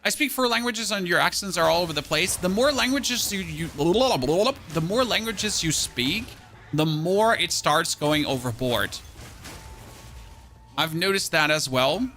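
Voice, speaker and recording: A man from Germany with a German accent, chatting casually with his live-stream chat while gaming, self-mocking and quick to exclaim. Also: sits high, lively intonation, pushed and bright, a little hiss or hum. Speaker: game streamer.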